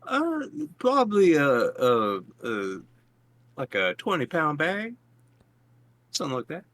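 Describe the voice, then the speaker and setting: A man's voice: fairly high pitch, huge pitch swings, slow pace, a bit bright, dry recording, full character voice. Man doing a drawling Southern adventurer. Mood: folksy. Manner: drawling, folksy. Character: folksy male adventurer.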